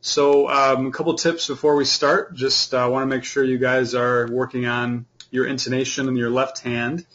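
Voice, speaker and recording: A man's voice: mid-range voice, moderate pace, few pauses. Guy teaching fiddle online, easygoing, lots of ums, kinda dull audio. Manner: relaxed, explanatory, many fillers. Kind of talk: online class instruction.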